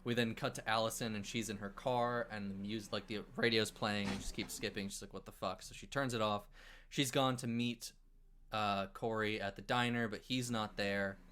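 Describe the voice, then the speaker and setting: A man co-hosting a casual movie review podcast, recapping the plot in an animated way with swearing and acted-out quotes. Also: on the low side, moderate pace, clean tone. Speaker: podcast co-host.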